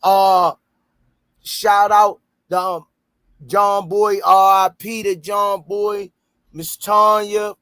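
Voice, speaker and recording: A man with a Baltimore accent hosting a casual podcast and reading sponsor shout-outs, loud and playful, breaking into high shouts when he jokes. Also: flat delivery, takes it slowly, clear, resonant tone, no echo. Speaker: podcast host.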